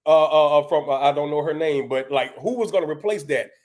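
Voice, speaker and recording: A man's voice: fairly high pitch, a little fast, a little mellow. A man co-hosting a sports talk stream, trying to mediate and stammering on his starts. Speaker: co-host.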